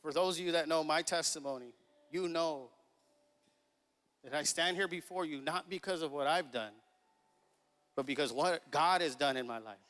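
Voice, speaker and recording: Bright-voiced pastor man in a reverberant church. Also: a little high, moderate pace, pauses often, soft background music. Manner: casual, chuckling, acts out dialogue. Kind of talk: sermon with a storytelling anecdote. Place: church sanctuary. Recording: long reverb of a church hall.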